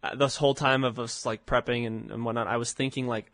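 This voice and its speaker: A man's voice: mid-range voice, steady tone, fast talker, a bit bright, no echo, clean studio sound. A young man hosting a casual podcast chat with old friends, rambling with plenty of fillers and restarts. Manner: rambling, lots of fillers and laughs. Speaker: podcast host.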